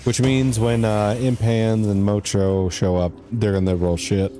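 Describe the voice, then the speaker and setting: A man's voice: on the low side, level tone, a little slow, warm tone. A man streaming a game live, chatting casually with his viewers and reading in-game letters aloud.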